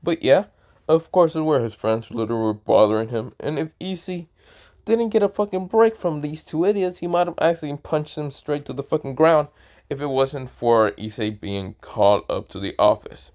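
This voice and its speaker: A man's voice: a little high, normal speed, darkish tone. A man improvising a story, rambling with crude words and repeated fillers, sleepy and yawning.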